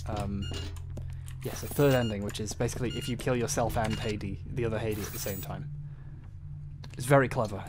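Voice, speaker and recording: A man's voice: lowish voice, normal speed. Man, gaming streamer, dry sarcasm, trailing mumble, music in the background. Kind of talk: casual gaming stream chat.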